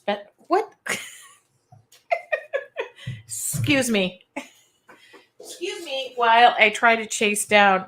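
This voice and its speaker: A woman's voice: medium pitch, fairly bright tone. A woman hosting a live art-journaling stream, chatting casually and rambling while she works and reads viewers' comments aloud. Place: home art studio with air conditioning running.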